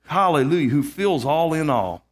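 A man's voice: on the high side, animated, normal speed. A man preaching a sermon, emphatic, repeating key words and calling out amen to his congregation, often restarting his sentences.

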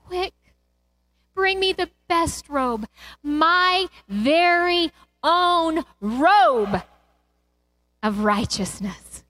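A woman's voice: very high voice, expressive, very slow, pauses often, pushed and bright. A middle-aged woman preaching a sermon, retelling a parable with impassioned swells and cries of praise.

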